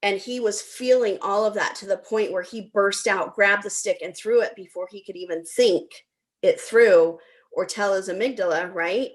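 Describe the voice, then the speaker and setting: A woman's voice: mid-range voice, normal speed. A middle-aged woman hosting a talk, telling a personal story in a chatty way with frequent ums. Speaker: host.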